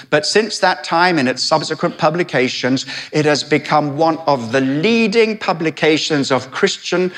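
A man's voice: medium pitch, fairly bright tone. A man in his sixties preaching a sermon, telling history with dramatic delivery and wry asides. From Britain.

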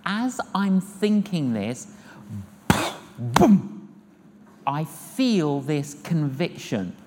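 An older man, preaching a sermon as an evangelist, telling stories lively and acting out the dialogue himself. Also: on the high side, drawn-out words. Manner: lively storyteller acting out dialogue, repeats phrases. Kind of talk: sermon with humorous storytelling. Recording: long hall reverb with faint noise.

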